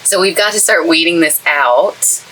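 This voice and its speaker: A woman chats her way through a craft tutorial, gushing about everything she loves. Her voice is bright and forceful, sitting a little low. A faint hiss of background noise sits behind her. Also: moderate pace, poor audio. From East Texas. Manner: chatty, gushing and enthusiastic. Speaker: craft channel host. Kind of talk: casual craft tutorial chat. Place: craft space in a camper trailer.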